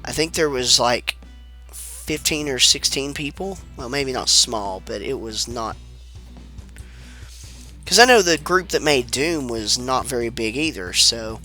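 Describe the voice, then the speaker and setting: A man's voice: mid-range voice, expressive, measured pace, pushed and bright, faint music behind. A man with a sick-sounding voice, giving laid-back, rambling commentary over a video game, swearing casually. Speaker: let's play commentator.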